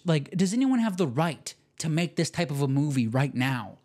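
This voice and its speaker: A young man hosting a podcast, talking in an excitable, slangy way full of "like" and "dude". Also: fairly high pitch, normal speed, hardly any pauses. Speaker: podcast host. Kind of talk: casual podcast commentary.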